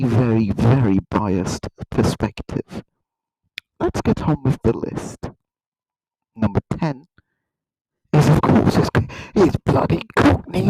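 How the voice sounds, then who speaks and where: Man, satirical countdown, deadpan, husky, very lively pitch. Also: no room sound, rough recording. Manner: mock-earnest, rambling, deadpan. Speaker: comedy YouTuber.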